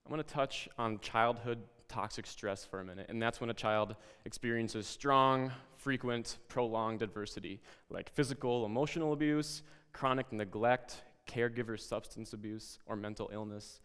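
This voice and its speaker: Calm male educator in a reverberant hall. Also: medium pitch, moderate pace, few pauses, clear, resonant tone. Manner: calm, reflective, guiding. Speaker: educator presenting a lesson. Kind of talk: lesson presentation with storytelling.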